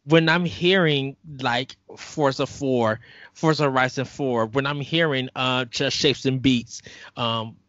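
Man, from chicago, animated storyteller, bright tone, dry lo-fi sound. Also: medium pitch, slow pace, no echo. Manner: animated storyteller, acts out songs and his own thoughts. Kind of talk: casual podcast chat.

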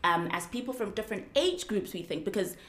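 A woman in her thirties with a Johannesburg South African accent, hosting a casual podcast, lively and teasing, laughing often. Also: mid-range voice, brisk, reverberant. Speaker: podcast host.

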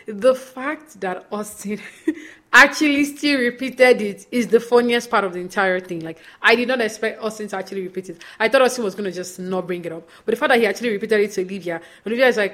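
A young woman hosting a podcast, casually recapping a reality show and acting out what the cast said in lively quoted voices. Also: medium pitch, fast talker. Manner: chatty, animated retelling with quoted voices. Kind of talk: casual chat.

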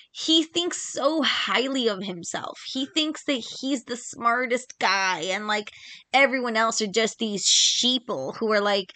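A woman hosting a podcast, giving casual, animated opinions with lots of "like" fillers. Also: fairly high pitch. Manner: chatty, animated, frequent "like" fillers, mock voices for others. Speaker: podcast host.

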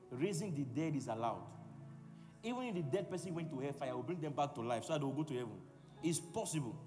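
Man, preacher, fairly high voice, long hall reverb, music behind. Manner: forceful, repetitive call-and-response preaching. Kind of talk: sermon.

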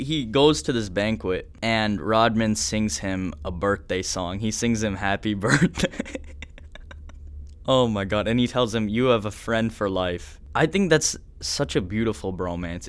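Laughing, amused young man with a smooth, low voice. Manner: laughs often, animated and amused. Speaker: podcast host. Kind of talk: casual solo podcast storytelling.

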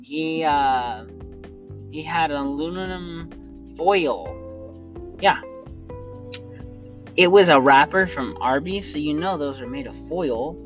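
An animated speaker telling casual stories on a solo podcast, laughing often and bursting into loud quoted lines. The voice is slow and unhurried at its own pace. It is recorded on a dull, lo-fi voice memo with soft music behind it. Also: mid-range voice. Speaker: podcast host. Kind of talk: casual storytelling.

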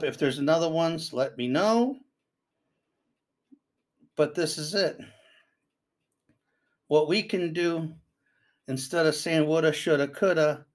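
Earnest rambling grandfather giving advice. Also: on the high side. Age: older. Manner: rambling, reads news aloud and reacts. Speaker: commentator. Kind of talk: casual spoken commentary.

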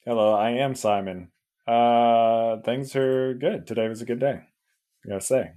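A man co-hosting a casual podcast, telling relaxed stories and chuckling as he talks. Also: mid-range voice, measured pace. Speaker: podcast co-host. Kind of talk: casual chat.

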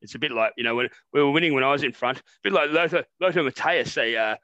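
An Australian man co-hosting a satirical podcast, rambling and animated, swearing freely in casual banter. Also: mid-range voice, very fast, dry recording, lo-fi sound. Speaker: podcast co-host.

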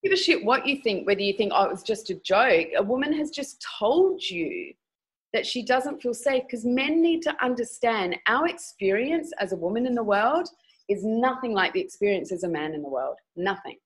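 A woman's voice: fairly high pitch, animated, normal speed, breathy edge, low-quality recording. A woman speaking as a sex educator guest in a candid podcast interview, frank and emphatic as she tells stories.

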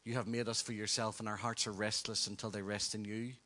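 A man co-teaching on worship, steady and earnest as he quotes writers to build his point. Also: fairly low pitch, quick pace. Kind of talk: teaching talk, quoting writers.

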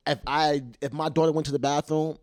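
A young man co-hosting a podcast, telling stories in a profane, animated casual chat. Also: on the high side, brisk, no echo, studio quality. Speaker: podcast co-host.

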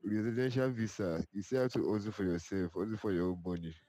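A Nigerian man with a Nigerian accent giving a relaxed, matter-of-fact answer. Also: fairly low pitch, fast. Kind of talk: casual vox-pop answer.

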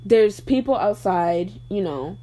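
Young woman riffing on a chat show, slangy and animated, mid-pitched voice, keeps doing little mock voices. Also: slow. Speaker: podcast co-host. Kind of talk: casual chat.

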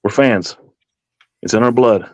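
A man's voice: fairly low pitch, measured pace, a little mellow, no room sound, highs cut off. A man on a podcast panel talking casually, rambling and heartfelt, stammering and swearing as he goes. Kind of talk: casual chat.

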